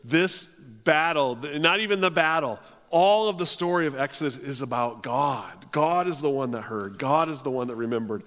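A man's voice: on the high side, expressive, normal speed, hardly any pauses, fairly bright tone. A male pastor preaching a sermon in earnest, often restarting his phrases. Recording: long hall reverb.

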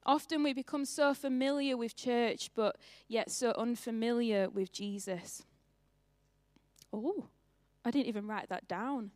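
A woman's voice: fairly high pitch, a little slow, a little mellow, no echo. A young woman pastor with a northern English accent, giving a chatty, self-mocking sermon in church and laughing often.

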